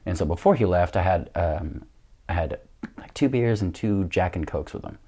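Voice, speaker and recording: Grainy-voiced young man, low and rambling. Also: lively intonation, normal speed, mellow, breathy edge. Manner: rambling storyteller, many fillers and laughs. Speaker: guest, jiu-jitsu coach. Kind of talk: casual podcast chat.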